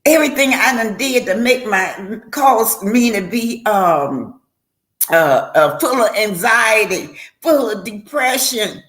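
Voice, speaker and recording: A woman's voice: medium pitch, expressive, slow pace, a bit bright. An older woman speaking on a live stream, earnest and a little preachy, with a mid-range voice. She repeats herself and restarts words as she works through her advice, addressing her listeners directly. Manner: heartfelt, preachy, stumbling restarts. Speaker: live-stream commentator giving life advice. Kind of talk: casual live-stream talk.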